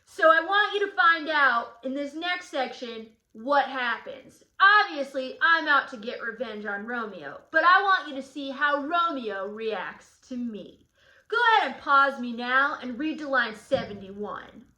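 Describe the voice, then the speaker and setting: Brief: woman playing a brash, touchy young swordsman Tybalt for a lesson; high, bright voice, echoey room. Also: expressive, a little slow, exaggerated voice. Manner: slangy, sarcastic paraphrasing. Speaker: teacher in character as Tybalt. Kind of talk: in-character guided study.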